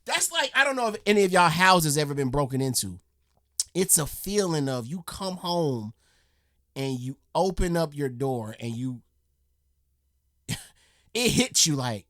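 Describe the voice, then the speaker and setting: A woman's voice: deep voice, sing-song, takes it slowly, long pauses, no echo, studio quality. A woman giving a casual reaction, acting out little scenes and swearing freely. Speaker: reaction video host.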